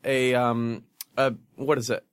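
A young man in his twenties hosting a casual pop culture podcast, playful and quick to tease his co-host. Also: medium pitch, level tone, clear, resonant tone, no room sound, studio quality.

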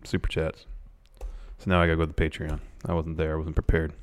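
A man's voice: rumbling low, completely flat delivery, brisk, clean tone. A man co-hosting a podcast, chatting casually in an easygoing, matter-of-fact way and reading viewer questions. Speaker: podcast co-host. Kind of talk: casual chat.

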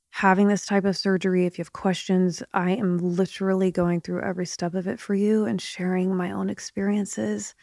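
A woman's voice: medium pitch, darkish tone, no echo, clean studio sound. A middle-aged woman hosting a podcast, chatting casually with a slight lisp because her jaw movement is limited after surgery. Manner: chatty, confiding, drops to whispers. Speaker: podcast host. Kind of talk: casual chat.

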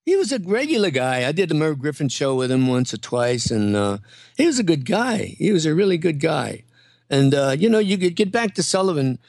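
An older man spins show-business stories with a voice that rises and falls freely, stumbling over restarts and breaking into laughter. He sits fairly high for a man and sounds close and dry on a podcast mic. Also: a little fast, no room sound. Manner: animated storyteller, full of restarts and laughter. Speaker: guest comedian. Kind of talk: casual interview storytelling.

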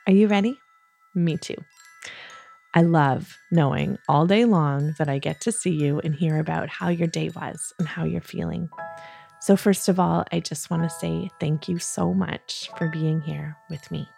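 A woman hosting a children's podcast, talking gently and soothingly at bedtime, coaxing listeners along with playful pretend yawns. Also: deep voice, steady tone, vocal fry, faint music behind. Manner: soft, soothing and encouraging, with playful drawn-out yawns. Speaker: kids podcast host.

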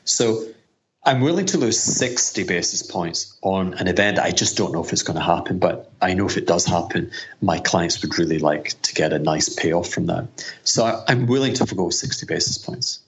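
A man's voice: low voice, lively intonation, normal speed, slight background noise. A middle-aged man with a Scottish accent, a fund manager answering interview questions in a rambling, self-deprecating way with frequent restarts. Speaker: hedge fund manager, guest.

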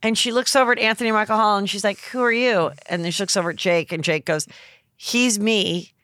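A woman hosting a podcast, telling a story in a lively, casual way and acting out the lines of a movie's characters. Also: medium pitch, very fast, no echo, clean studio sound. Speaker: podcast host. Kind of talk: casual chat.

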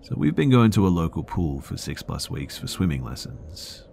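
A man's voice: sits low, very animated, normal speed, gravelly, a little mellow, a little hiss or hum. A man hosting a podcast, reading listener horror stories aloud in a dramatic scripted narration that sometimes drops to a whisper.

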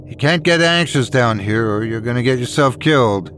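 A man voicing a tough male diver who talks bluntly and gruffly. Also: medium pitch, animated, moderate pace, a bit bright, slight background noise, close to an everyday voice.

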